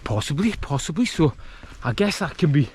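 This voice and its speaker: A man's voice: a little high, big pitch swings, moderate pace, darkish tone, slight background noise. Rambling man vlogging outdoors. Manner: rambling, self-deprecating, lots of fillers. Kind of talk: casual talk to camera. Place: outdoors in woodland, wild camping.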